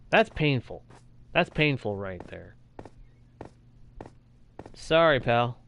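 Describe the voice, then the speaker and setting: A man's voice: mid-range voice, very animated, takes it slowly, creaky, long pauses, fairly bright tone, no echo. A young man talking casually over his own gameplay as a streamer, reacting aloud to what happens on screen. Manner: chatty, reacts aloud while playing. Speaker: gaming streamer.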